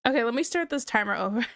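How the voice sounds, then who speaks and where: Chatty woman streamer, higher voice. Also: expressive, a little fast, no room sound, studio quality. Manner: chatty and scattered, with frequent laughs. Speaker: livestreamer talking to chat. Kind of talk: casual livestream chat.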